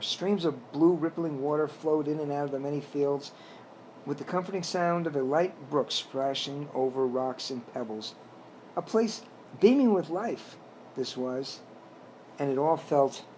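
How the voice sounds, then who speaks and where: A man narrating his own storybook tale in a plain, slightly halting reading voice. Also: on the high side, darkish tone, a little hiss or hum, low-quality recording. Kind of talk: reading a self-written story aloud.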